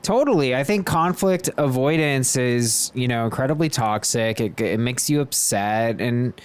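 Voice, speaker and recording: Podcast host, casual chat, playful, reads comments aloud, smooth voice. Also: mid-range voice, normal speed.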